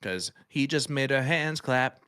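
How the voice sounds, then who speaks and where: A man's voice: medium pitch, animated, a little slow, pushed and bright, clear, resonant tone. A man commentating live darts, calling throws and joking with his co-commentator. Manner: joking, banters with co-host.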